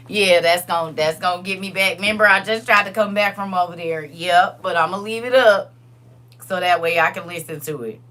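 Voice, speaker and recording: A woman hosting a casual livestream, chatting directly with viewers and reading scripture verses slowly and deliberately. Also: lowish voice, a bit bright. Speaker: livestream host.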